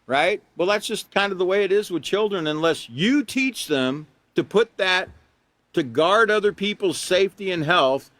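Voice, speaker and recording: A man's voice: a little high, a bit bright, no echo. A man in his sixties giving a live online class lecture on character education, folksy and rambling with chuckles and asides, and emphatic when he stresses rules.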